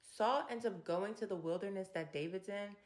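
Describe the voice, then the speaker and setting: A woman hosting a casual Bible chapter breakdown, retelling the story in her own slangy words with animated, opinionated asides. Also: mid-range voice, normal speed. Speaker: Bible study video host.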